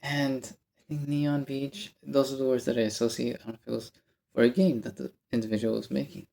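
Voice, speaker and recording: A man's voice: medium pitch, a little fast, gravelly. A man telling a rambling story to camera in a casual vlog, often stopping to correct himself. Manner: rambling, animated, self-interrupting. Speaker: vlogger.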